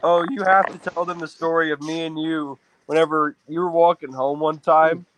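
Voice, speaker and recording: A man's voice: on the high side, steady tone, normal speed, heavy background noise. A man on a podcast in casual chat, eagerly prompting a friend's story and chiming in. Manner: eager, prompts stories, chimes in. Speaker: podcast co-host.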